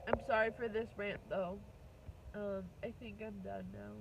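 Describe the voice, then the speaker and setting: A woman in her twenties venting on a vlog, upset and close to tears, rambling and swearing in halting bursts. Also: mid-range voice, steady tone, vocal fry, dull audio, slight background noise. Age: 20s. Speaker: vlogger.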